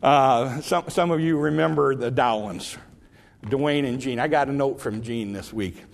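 A male pastor preaching a sermon, retelling a parable with lively storytelling and repeated emphasis. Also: mid-range voice, a little slow, vocal fry. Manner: animated storytelling, repetitive emphasis.

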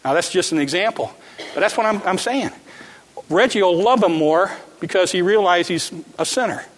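A man preaching a sermon, repeating his phrases with emphasis and swinging from quiet lines to shouts. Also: sits high, normal speed, in a large hall.

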